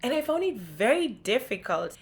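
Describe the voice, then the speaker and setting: A woman's voice: a little high, very animated, moderate pace. Candid young Kenyan woman vlogging. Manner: candid, reflective, conversational. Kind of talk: reflective vlog narration.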